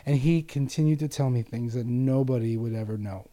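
A man who works as a psychic medium, telling his own story in an interview with earnest, lively storytelling. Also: medium pitch, brisk.

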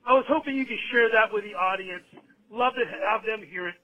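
A man's voice: high voice, fairly quick. A man from California calling into a radio show, friendly and upbeat. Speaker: caller. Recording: tinny phone line.

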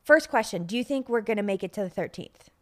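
A woman's voice: medium pitch, lively intonation, quick pace. A woman co-hosting a casual podcast, chatty and giggly, often poking fun at herself, with a slightly stuffy nose. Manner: giggly, self-deprecating, chatty. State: pregnant, runny nose. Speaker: podcast co-host. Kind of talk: casual chat.

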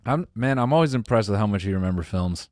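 Young man, podcast co-host, lowish voice, dry close mic, relaxed banter. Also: fast talker, dry recording. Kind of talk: casual chat.

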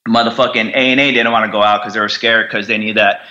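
A man's voice: fairly low pitch, little pitch movement, fast talker, bright, forceful tone, highs cut off. An American man, a combat veteran guest on a podcast, telling his story in a raw, profane way, with many restarts and fillers. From United States. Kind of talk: candid storytelling interview.

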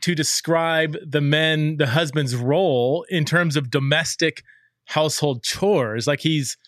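A man's voice: on the high side, measured pace, fairly bright tone, no room sound, clean studio sound. A man hosting a podcast interview, asking casual, rambling questions. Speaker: podcast host.

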